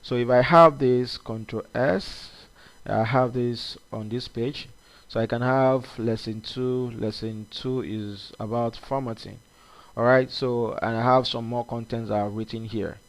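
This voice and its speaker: A man teaching a coding lesson at his computer, talking loosely with many fillers and restarts. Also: medium pitch. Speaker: coding instructor. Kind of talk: screen-recorded coding tutorial.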